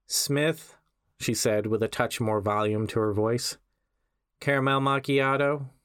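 A man, the host of a podcast, reading a short story aloud in a measured, wry storytelling voice. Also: on the low side, dry recording, studio quality. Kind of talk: scripted story narration.

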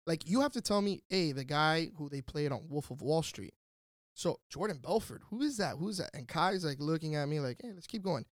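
A podcast host with a fairly high voice tells a story at a brisk clip in casual conversation, animatedly acting out what people said. The studio recording is clean, with no echo.

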